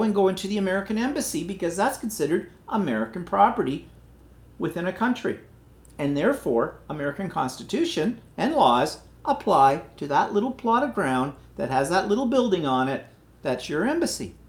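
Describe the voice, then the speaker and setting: A man's voice: sits high, very animated, a little fast. A man hosting a livestream, talking through a rambling, indignant opinion piece with plenty of fillers. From Canada. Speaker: livestream host. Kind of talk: casual opinionated monologue. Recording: roomy echo.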